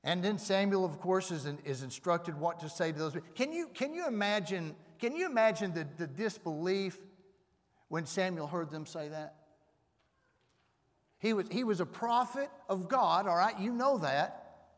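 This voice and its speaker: A man's voice: high voice, animated, moderate pace. A man preaching a sermon on a stage microphone, talking conversationally and asking the audience questions. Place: church hall. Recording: long reverb of a hall.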